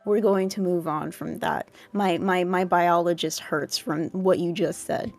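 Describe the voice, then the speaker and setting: A woman's voice: fairly low pitch, steady tone, a little slow, soft background music. A young woman co-hosting a casual podcast, reading fun facts aloud in a wry, playful way.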